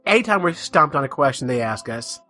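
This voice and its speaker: Giggly, bright-voiced man. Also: medium pitch, sing-song, brisk. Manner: laughs often, self-deprecating. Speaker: podcast co-host. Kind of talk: casual chat. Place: home in the mountains.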